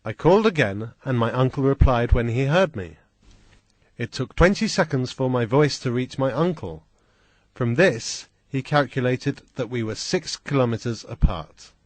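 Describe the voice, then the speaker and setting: A man reading a first-person adventure story aloud in a slow, deliberate, plain manner. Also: medium pitch, lively intonation, dry recording. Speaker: audiobook reader.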